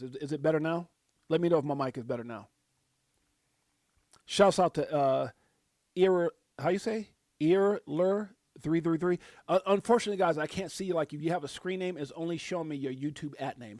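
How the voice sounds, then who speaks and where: A man's voice: a little high, darkish tone, dry recording. A man hosting a casual crypto live stream, rambling with many fillers and restarts as he reads out viewer names. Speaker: crypto livestream host.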